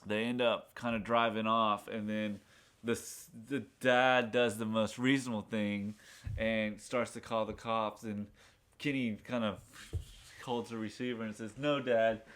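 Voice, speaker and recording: A man's voice: fairly low pitch, little pitch movement, measured pace, fairly bright tone, smooth. A man casually recapping a TV pilot, rambling with fillers and acting out bits of dialogue. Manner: rambling retelling full of fillers, acting out lines from the show. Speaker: podcast co-host reviewing a TV pilot. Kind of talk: casual chat.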